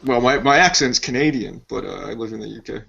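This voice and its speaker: A man's voice: medium pitch, fast, creaky, bright, forceful tone, husky. Brief: male caller, joking, swearing freely, loose rambling delivery, dull lo-fi line. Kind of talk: crude casual banter.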